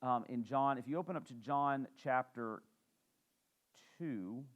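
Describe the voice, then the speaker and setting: A man's voice: medium pitch, a little slow, lo-fi sound. A man, a pastor teaching a sermon in church in a conversational way, with fillers and questions to the congregation.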